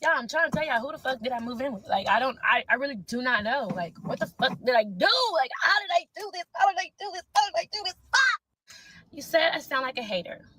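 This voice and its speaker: A young woman, a content creator ranting loudly and sassily in a reaction vlog, swearing a lot. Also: sits high, fast, hardly any pauses, husky, no room sound, low-quality recording. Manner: loud, sassy, animated, swears a lot.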